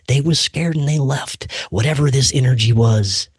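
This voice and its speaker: Male podcast host, casual storyteller, lively and slangy, average pitch, dry close sound. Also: moderate pace, breathy edge, dry recording. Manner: animated, slangy, peppers talk with "man" and "dude".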